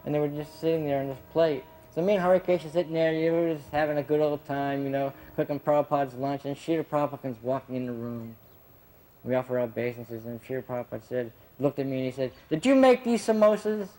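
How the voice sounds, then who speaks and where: A man's voice: medium pitch, little pitch movement, quick pace, mellow, poor audio. A man casually recounting stories from his years as a gardener, chatty and laughing often, with plenty of fillers. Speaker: devotee recalling his time as a gardener. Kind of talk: casual anecdotal storytelling.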